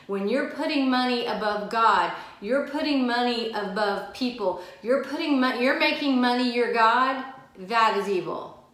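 A woman with a fairly high voice leads a Bible study, reading scripture slowly and driving her points home by repeating them. Her voice rings around a very echoey room. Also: fairly bright tone. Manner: emphatic, repeats key phrases, reads scripture slowly.

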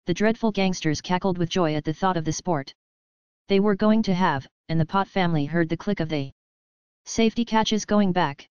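A very smooth, clean storyteller's voice reading a children's adventure in an even, measured way. The sound is dry and a little dull, close to the mic with no room around it. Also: medium pitch, no echo. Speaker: audiobook narrator. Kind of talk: scripted storybook narration.

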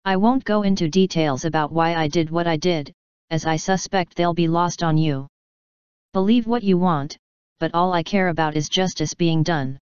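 A woman's voice: on the low side, moderate pace, a little mellow, clear, resonant tone, dry recording, dull audio, lightly acted. A woman voicing a stern female pony who is head of security, speaking firmly and giving orders. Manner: firm, commanding.

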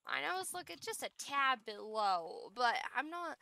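A woman's voice: high voice, animated, measured pace, vocal fry, hardly any pauses, sharp tone, no echo. A young woman streaming a survival game, chatting playfully with her viewers and talking to herself as she plays. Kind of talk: casual gameplay chat.

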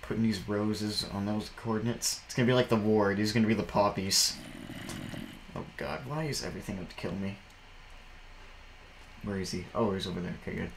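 A man's voice: on the low side, fairly quick, vocal fry, long pauses, a little hiss or hum, poor audio. Rambling young man narrating a game. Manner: jumpy, rambling, shrieks when startled. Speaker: gameplay commentator. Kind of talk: casual gameplay commentary.

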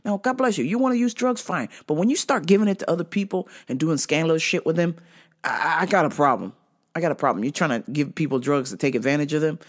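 Animated, profane woman ranting. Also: low-pitched, fast. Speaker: podcast host. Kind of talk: casual solo podcast monologue.

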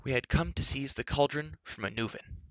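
A man's voice: medium pitch, brisk, no room sound, voice pushed up, close to an everyday voice. A man voicing an earnest young male hero in a slightly raised voice. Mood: urgent.

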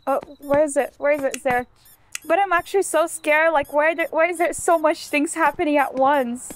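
A gamer plays a spooky video game and nervously narrates each door and noise to herself in a let's play commentary. Her voice sits high at a normal speed, and she comes across chatty and jumpy.

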